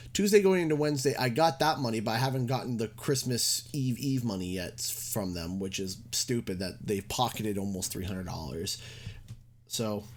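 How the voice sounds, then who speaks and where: A man's voice: medium pitch, slight background noise. A young man from Canada, chatting casually and joking in a rambling way while live-streaming a game.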